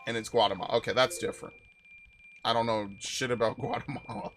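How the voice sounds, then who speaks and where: A young man live-streaming a game, talking in a loose, rambling way and swearing freely as he tells stories to his chat. His pitch sits in the middle of the male range, and he jumps into sharp, loud outbursts. Faint music plays behind him. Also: quick pace. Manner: rambling, profane, animated storytelling with sudden loud outbursts. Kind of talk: casual live-stream chat while playing.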